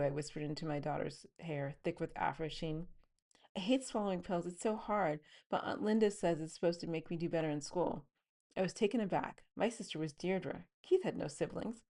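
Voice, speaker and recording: A woman with a low voice reads from her own book in an even narrating tone. Between passages she talks loosely with the listener, using fillers and quick asides. The pitch sits deep for a woman throughout. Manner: reads the scene plainly, then breaks into chatty asides. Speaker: author reading and commenting on her novel. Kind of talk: book reading with commentary.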